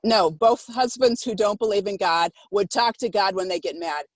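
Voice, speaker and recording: A woman in a class eagerly cutting in over a video call, talking in an animated way. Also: mid-range voice, moderate pace, no room sound. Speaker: class participant.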